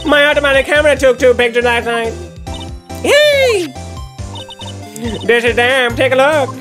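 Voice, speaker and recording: A woman's voice: high-pitched, lively intonation, unhurried, over music, pitched above the performer's own voice. A woman voicing a brash, cheeky female photographer with a put-on Southern US drawl, folksy and sassy.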